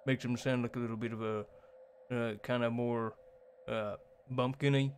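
A man's voice: medium pitch, level tone, normal speed, slight background noise. A man streaming a game, reading its text aloud and answering viewer chat in a rambling way with many fillers and restarts. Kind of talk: casual live-stream chat while playing.

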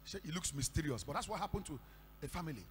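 A Nigerian man preaching a sermon, telling stories and breaking into shouted declarations. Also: fairly high pitch, lively intonation, fast talker. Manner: storytelling with sudden shouted declarations. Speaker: pastor. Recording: echoey hall with faint hum.

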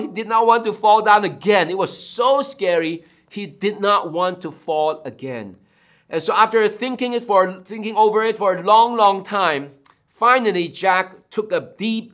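A man's voice: sits high, normal speed, a bit bright. A man preaching a sermon as pastor, emphatic and given to dramatic storytelling.

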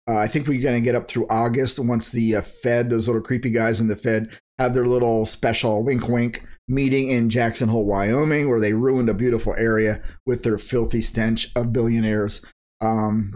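A man recording a crypto vlog, talking in a blunt, worked-up rant full of slang and sound effects. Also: medium pitch. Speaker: crypto YouTuber. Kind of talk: ranting market commentary vlog.

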